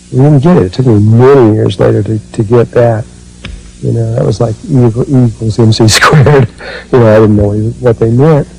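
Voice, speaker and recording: A man giving a spiritual talk and recalling his own experiences, speaking slowly and haltingly with many fillers and restarts. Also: medium pitch, steady tone, creaky, darkish tone, slightly rough, faint music behind, rough recording. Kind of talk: spiritual talk, personal recollection.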